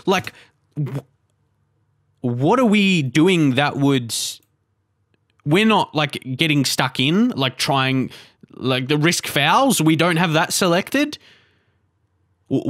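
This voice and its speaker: A young man commentating his live football management game, chatty and easily frustrated, swearing and shouting at mistakes. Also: a little high, dry recording, studio quality. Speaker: gaming channel host. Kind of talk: live let's play commentary.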